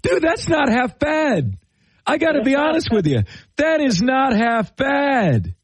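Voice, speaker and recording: A man hosting a call-in sports radio show, energetic and enthusiastic, quick to laugh with callers. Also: very high voice, slightly rough, no room sound.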